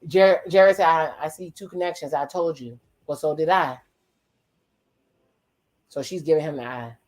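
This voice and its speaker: With a slightly mellow, medium-pitched voice, a casual watch-along host offers reaction commentary and talks back at the screen. The host swears without restraint, lets out wry exclamations, and quickly voices the people on screen when retelling what they said.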